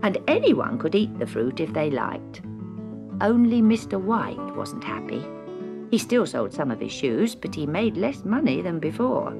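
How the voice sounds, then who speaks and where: Woman storybook narrator, lively, faint guitar. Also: lowish voice, unhurried, creaky. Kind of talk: storybook reading.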